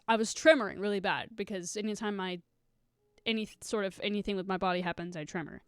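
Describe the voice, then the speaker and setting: A woman's voice: mid-range voice, rapid-fire, clear, resonant tone, no room sound. A young woman streaming live, telling a rambling story to her chat, swearing a lot and close to tears.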